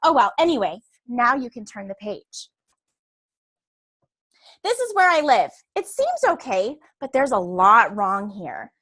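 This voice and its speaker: A woman's voice: a little high, wildly swooping pitch, a little slow, fairly bright tone, heavily acted. A woman voicing a chatty young schoolgirl who narrates a storybook in an eager, confiding way. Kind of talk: storybook read-aloud.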